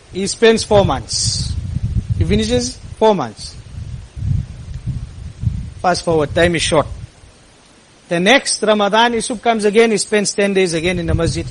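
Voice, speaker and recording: Imam, high tenor-ish voice, earnest sermon storyteller, surges into impassioned peaks. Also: male voice, slight background noise, low-quality recording.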